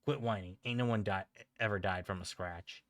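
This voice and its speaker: Brief: man voicing a fierce old grandmother, gruff and scolding, deep and dry. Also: normal speed, no echo. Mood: threatening. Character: cranky fierce old grandmother, rough-spoken, protective.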